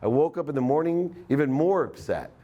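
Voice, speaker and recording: A man's voice: on the high side, lively intonation, fairly quick, warm tone, dull audio. A middle-aged man giving a live motivational talk, storytelling and acting out the voices in his story. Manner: storytelling, acts out quoted dialogue. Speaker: motivational speaker.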